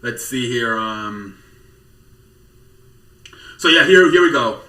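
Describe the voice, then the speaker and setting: A man's voice: mid-range voice, animated, slow pace, pushed and bright, reverberant, recorded from a distance. A man hosting a podcast, chatting casually and rambling through wrestling news with lots of swearing and disbelief. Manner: profane, rambling, incredulous. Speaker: podcast host.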